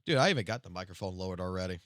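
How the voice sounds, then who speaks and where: A young man with a South Louisiana Cajun accent rants on a live stream, loud, emphatic and full of swearing. His voice is bright and animated, leaping up and down in pitch. The sound is dry and close. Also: rapid-fire, no room sound. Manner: loud, emphatic and profane, swinging between loud and low-key. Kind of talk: casual stream rant.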